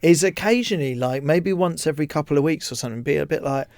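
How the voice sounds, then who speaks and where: A fairly high-voiced man from the UK in casual podcast chat, lively and quick to laugh. His voice sounds dry and close, recorded on a studio mic with no room around it. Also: dry recording. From United Kingdom. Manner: animated, laughs while telling stories. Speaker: radio co-host.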